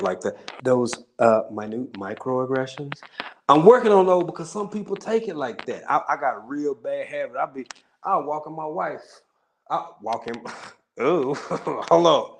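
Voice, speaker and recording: A man from Texas hosts a livestream in his Texan accent, bantering casually with viewers, often laughing, joking and rambling into side remarks. His voice is mid-range, with a bit of background noise in the clip.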